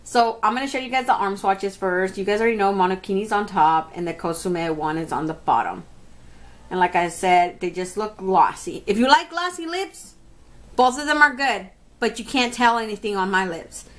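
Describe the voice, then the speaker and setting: She's a beauty vlogger doing a relaxed makeup review on camera, her medium-pitched voice animated and moving at a moderate pace. Chatty throughout, she keeps saying "you guys" to viewers and laughs at herself a lot.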